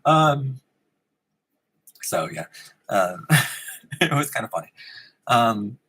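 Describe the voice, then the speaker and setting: A man's voice: medium pitch, expressive, very slow, bright, forceful tone, slightly rough, rough recording. A man hosting a live stream in casual chat, giggling often and rambling with frequent ums, in a room with a fan running. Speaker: host of a live-streamed show.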